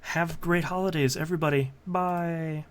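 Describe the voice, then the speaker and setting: A man hosting a video game podcast in casual chat, relaxed and chatty, with lots of "uh" fillers as he talks. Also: on the high side, moderate pace. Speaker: podcast host.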